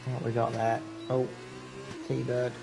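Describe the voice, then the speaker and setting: A man giving casual live commentary on a sim racing event, chatty and excitable at close battles. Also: medium pitch, slow pace, creaky, music in the background. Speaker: race commentator.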